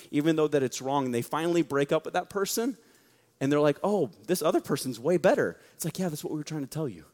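A man preaching to a young church audience in a joking, energetic storytelling way. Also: medium pitch. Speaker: youth pastor. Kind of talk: sermon. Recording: long reverb of a large hall.

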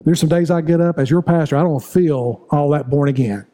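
In a church sanctuary, a middle-aged male pastor delivers a sermon in a somewhat high, dark-toned voice at a slightly quick pace. He builds toward raised, repetitive appeals to his congregation.

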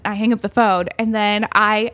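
A young woman casually telling a dating story on a podcast, animated, laughing often and acting out what others said. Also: mid-range voice, moderate pace, no room sound. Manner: animated, laughs often, acts out quoted voices. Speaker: podcast co-host.

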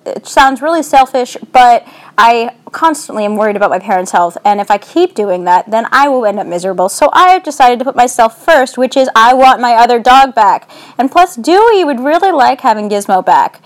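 Lively intonation and a fairly quick pace mark this young adult vlogger's mid-range voice as they talk casually into a phone. They ramble nervously and put themselves down along the way.

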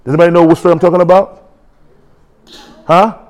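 A man's voice: sits high, level tone, fast talker. A man preaching a sermon in an emphatic call-and-response manner.

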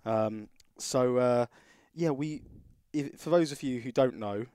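A man co-hosting a podcast, chatting casually into a studio mic. His voice sits at an ordinary pitch, and he keeps restarting his sentences as he rambles through a story. The sound is dry and close, with no room echo. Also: takes it slowly, mellow, smooth. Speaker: podcast co-host.

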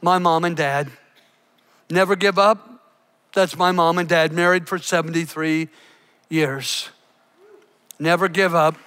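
An older man preaching to a church, his voice high and bright. He delivers the sermon with big swings, booming out some lines and dropping almost to a hush on others. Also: fairly even intonation, a little slow, long pauses, clear, resonant tone. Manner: emphatic preacher with big swings between loud and hushed. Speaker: pastor.

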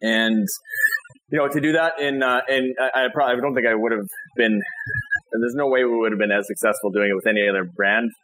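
A man's voice: mid-range voice, steady tone, a little fast, fairly bright tone, a little hiss or hum, low-quality recording. A man in his thirties, a guest on an interview show, talking in a friendly, rambling way with many restarts. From Canada. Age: 30s. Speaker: guest, real estate broker. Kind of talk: casual interview chat.

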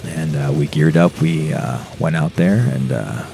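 A man's voice: rumbling low, unhurried, creaky, warm tone, slight background noise. A young man, a guest on a podcast, telling a rambling, profane story with many fillers. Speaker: podcast guest, metal musician. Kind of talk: casual storytelling.

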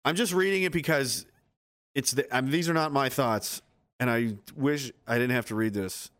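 A man's voice: mid-range voice, normal speed, fairly bright tone. A man hosting a casual livestream, reading viewer comments aloud and answering with blunt, profane, exasperated rants.

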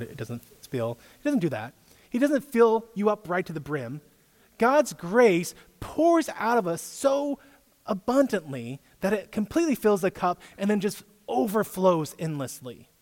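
High and a little mellow, this man's voice leaves a long reverb tail. He delivers casual preaching as a youth pastor, staying chatty and conversational while quizzing those listening.

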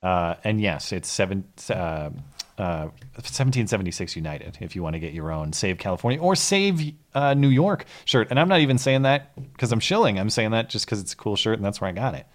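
Low-voiced man co-hosting a call-in show. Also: very animated, fairly quick. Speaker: podcast co-host. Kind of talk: casual call-in show chat.

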